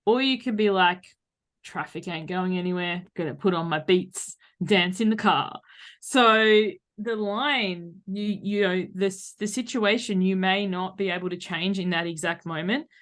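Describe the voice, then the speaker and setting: A woman's voice: lowish voice, a bit bright. A woman co-hosting a podcast in casual chat, talking animatedly and acting out little quoted voices. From Australia. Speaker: podcast co-host.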